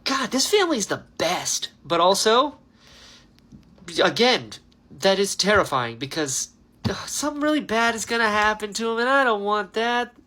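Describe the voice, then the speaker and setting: A lively man chatting casually through a book reaction, his pitch leaping up and down as he talks. His tone is bright and forward, and his speech is loose and filled with "like" and "dude". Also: moderate pace. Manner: animated, chatty, heavy use of "like" and "dude".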